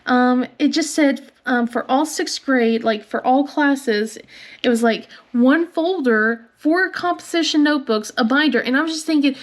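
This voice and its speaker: A woman's voice: high voice, normal speed. A woman in her thirties chatting casually while she crafts, rambling and laughing often, with a cough from bad air. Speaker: crafting channel host.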